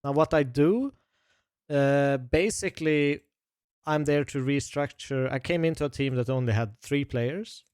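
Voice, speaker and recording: A male podcast co-host explains things in a measured way, often pausing to hesitate. His voice is smooth and resonant, and the recording is dry and close. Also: medium pitch, a little mellow, no room sound. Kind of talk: casual podcast chat.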